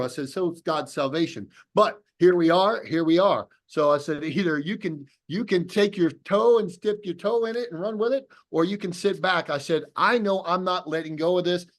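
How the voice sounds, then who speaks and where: A man giving a motivational talk to an audience over a video call, telling a story and acting out both sides of remembered conversations. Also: fairly high pitch. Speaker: business opportunity presenter.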